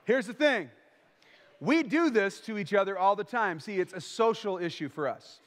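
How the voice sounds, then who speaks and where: A man preaching a sermon as pastor, emphatic and lively, acting out little bits of everyday small talk. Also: high-pitched, moderate pace, in a large hall.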